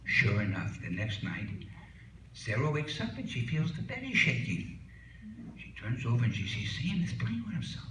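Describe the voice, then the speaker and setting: A man's voice: medium pitch, sing-song, normal speed, background noise. An older man doing a stand-up routine, a rambling, folksy joke teller who leans on "you know" fillers. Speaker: stand-up comic. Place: small comedy club stage. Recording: echoey room from far off.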